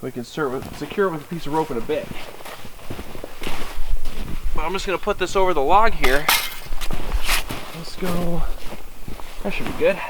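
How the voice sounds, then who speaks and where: A fairly high-voiced man talks casually to the camera out in the snowy woods, easygoing and chatty, now and then addressing his dog. The sound comes from a camera mic outdoors, with a faint hiss of background noise behind him. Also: moderate pace, pauses often. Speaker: outdoor vlogger.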